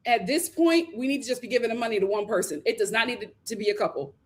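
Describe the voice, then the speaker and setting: A woman hosting a live recap show, animated and opinionated as she gives her commentary. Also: on the high side, fast. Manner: animated, opinionated, acts out quotes. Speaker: host.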